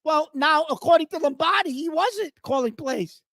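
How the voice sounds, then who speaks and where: A man's voice: extremely high pitch, expressive, moderate pace, a bit bright, no echo. A man co-hosting a casual sports talk show, insistent, talking over his partner and correcting himself mid-sentence. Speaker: co-host.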